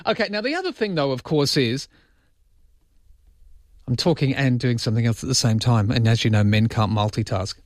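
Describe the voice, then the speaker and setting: A man's voice: medium pitch, animated, moderate pace, pauses often, no room sound, clean studio sound. A man hosting a radio talk show, chatting casually and joking about himself. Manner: self-mocking, chatty, jokey. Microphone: studio mic.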